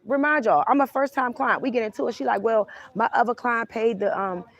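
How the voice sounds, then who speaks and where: A woman's voice: fairly high pitch, a little fast, dull audio. A young adult woman, a tarot reader, telling a casual storytime rant, heated and profane, acting out both sides of an argument.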